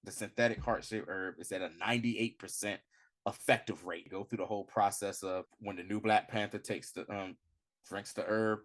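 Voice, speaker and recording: A man talking casually as a podcast host reviewing a film, slangy and animated, acting out the lines he recounts. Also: fairly low pitch, normal speed. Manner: animated, slangy, acts out quotes in bursts. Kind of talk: casual movie review chat.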